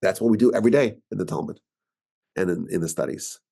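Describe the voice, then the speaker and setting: A man's voice: sits low, quick pace, vocal fry, mellow, husky. A man with a New York accent, a rabbi giving an informal, argumentative teaching talk and often repeating words as he thinks.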